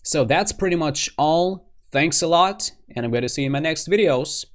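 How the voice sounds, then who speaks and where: A man's voice: a little high, expressive, moderate pace. A male English teacher whose first language is Russian, giving a grammar lesson and acting out short dialogue examples. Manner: explains clearly, then acts out short dialogue examples.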